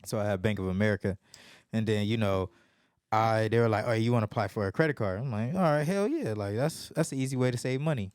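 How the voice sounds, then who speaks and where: A young man in casual podcast chat, telling a profane story and jumping into lively voices when he quotes people. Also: fairly low pitch, fast, no echo, clean studio sound. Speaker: podcast host.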